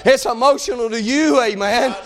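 Casting: high-pitched preacher, fervent sermon, swings into shouts. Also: male voice, normal speed. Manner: impassioned, shouting crescendos. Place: church service.

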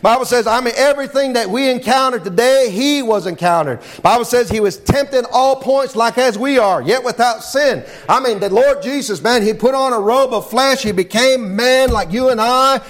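High-voiced man preaching with fervor. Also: normal speed, few pauses. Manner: fervent preaching with repeated amens. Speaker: pastor. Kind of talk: sermon.

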